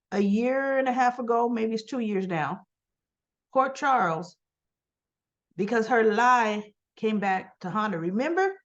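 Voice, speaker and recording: A woman's voice: fairly high pitch, lo-fi sound. A woman giving a casual, sassy soap opera recap, full of rhetorical questions and tag questions. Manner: sassy, talks straight to the characters.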